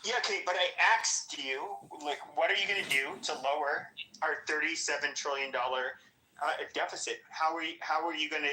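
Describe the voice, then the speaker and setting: A man in a casual political chat who asks halting, rambling questions and keeps cutting back in. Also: fairly high pitch, bright, forceful tone, slight background noise. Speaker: caller asking questions. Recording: roomy echoing room.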